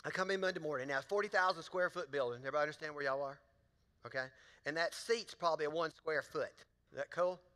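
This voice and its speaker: A man's voice: a little high, fast, pushed and bright. A male pastor, preaching a sermon with folksy stories and questions to the congregation. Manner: folksy storytelling, talks to the crowd. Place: large church auditorium. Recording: long hall reverb in a church.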